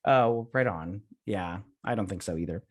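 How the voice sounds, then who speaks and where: A man's voice: low voice, normal speed. A man co-hosting a casual movie review chat, wry and rambling, with frequent ums as he hesitates.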